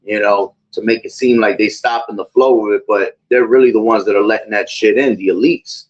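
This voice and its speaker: Low-voiced man preaching in a rambling way. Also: steady tone, a little fast, dull audio. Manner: rambling, repeats himself, fillers like "you know" and "all right". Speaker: host of a religious talk channel. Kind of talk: preaching commentary.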